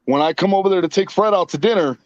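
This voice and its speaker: Brief: high male voice, swears freely, dry and dull recording. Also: fast talker, dry recording. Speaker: podcast host. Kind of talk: casual profane banter.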